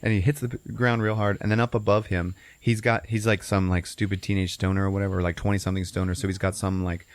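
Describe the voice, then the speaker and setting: A man's voice: low-pitched, level tone, fast, few pauses, no room sound. A man casually recapping a movie on a podcast, rambling with many fillers and heavy swearing. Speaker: podcast co-host.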